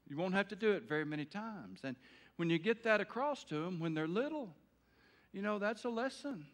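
A middle-aged male pastor gives a folksy evening sermon, swinging between loud, emphatic bursts and quiet, earnest talk. His voice is high-pitched, animated, and a little fast.

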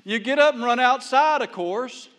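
Male pastor, folksy sermon, high voice, swings loud to hushed, long hall reverb. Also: moderate pace.

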